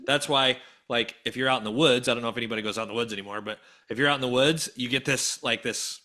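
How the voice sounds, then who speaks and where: A man's voice: mid-range voice, steady tone, fast talker, sharp tone. A man co-hosting a business podcast in casual chat, explaining his points through analogies. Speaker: podcast co-host, business coach.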